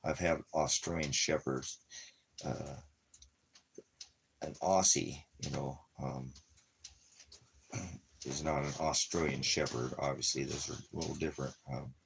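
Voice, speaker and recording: A middle-aged man with a very deep, low voice talks loosely and at length, circling back over his points. The recording carries a faint noise underneath. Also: fairly even intonation, unhurried, vocal fry, pauses often. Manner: rambling, repeats himself, lots of "you know". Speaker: ministry vlogger. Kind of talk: casual chat.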